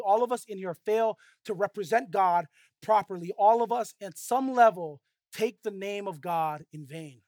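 A man's voice: sits high, no room sound, clean studio sound. A man preaching a sermon to a congregation in a conversational way, often checking in with "right?" and "okay?". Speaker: pastor.

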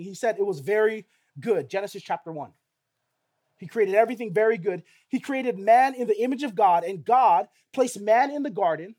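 A man's voice: high-pitched, darkish tone. A middle-aged male pastor preaching a sermon in a conversational way, often asking rhetorical questions of the listeners.

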